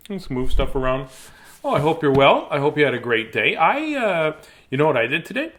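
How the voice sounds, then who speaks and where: A man's voice: fairly high pitch, big pitch swings, fairly quick, a bit bright. A man hosting a casual live video stream before bedtime story reading, greeting viewers by name in a playful, sing-song way. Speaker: host reading bedtime stories to kids.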